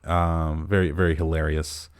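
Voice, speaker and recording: A man with a low, deep voice chatting casually about a film on a podcast. He wanders through the plot with frequent "uh" pauses, relaxed and unscripted. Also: smooth. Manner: rambling plot recap full of "uh" fillers. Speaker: podcast co-host. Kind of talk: casual movie review chat.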